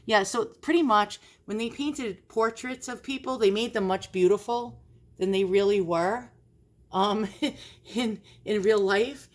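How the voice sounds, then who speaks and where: A woman with a New York accent hosting an antiques vlog, chatting casually and rambling with plenty of fillers. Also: medium pitch. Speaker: antiques vlogger. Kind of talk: casual screen-share commentary.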